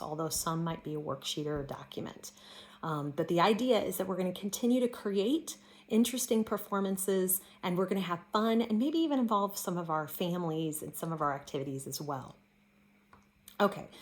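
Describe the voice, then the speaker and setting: A woman drama teacher giving a recorded online lesson, explaining and leading warm-ups with clear, encouraging instructions. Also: on the low side.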